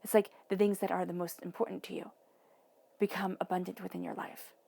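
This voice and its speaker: A woman giving a tarot reading, soothing, sometimes dropping to a soft whisper, with playful asides. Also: fairly low pitch, level tone, a little fast, vocal fry. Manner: playful asides, acts out voices in quotes. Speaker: tarot reader. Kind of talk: intuitive tarot reading monologue.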